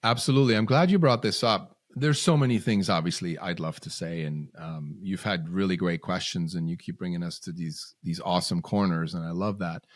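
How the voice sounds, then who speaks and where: Earnest lower-voiced man, dry sound. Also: brisk, few pauses, no echo. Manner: earnest, repeats words while gathering thoughts. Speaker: guest, parenting coach. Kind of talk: casual podcast conversation.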